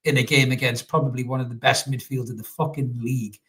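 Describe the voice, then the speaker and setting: A man's voice: medium pitch, quick pace. A man co-hosting a live football reaction show, joking and swearing freely. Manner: sweary, jokey, repeats words when excited. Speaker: football podcast co-host. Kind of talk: live post-match reaction chat.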